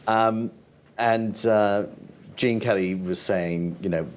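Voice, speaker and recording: Older male TV producer, very deep voice, chatty anecdotal storyteller, faint background noise. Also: fairly even intonation, slow. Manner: rambling, laughs often, quotes people in voices. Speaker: TV format producer, interview guest.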